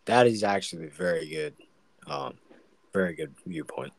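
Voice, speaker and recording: A man's voice: sits low, lively intonation, moderate pace, creaky, dry recording. A man co-hosting a casual faith podcast, rambling and full of "like" and "um". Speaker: podcast co-host.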